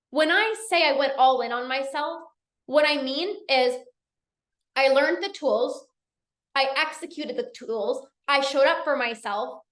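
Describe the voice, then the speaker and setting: Bright high-voiced woman coaching. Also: roomy sound. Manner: earnest, repeats phrases, laughs easily. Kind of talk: live online masterclass.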